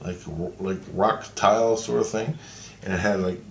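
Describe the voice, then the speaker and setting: Man, lowish voice, casual dream storytelling, rambling, swearing, echoey room. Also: fairly even intonation, normal speed, gravelly, slight background noise. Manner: rambling, profane, full of fillers. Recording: roomy echo.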